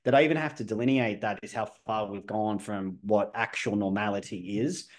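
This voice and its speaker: A man's voice: lowish voice, brisk. Blunt, assertive podcast host man. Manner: sometimes swears. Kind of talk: casual podcast conversation.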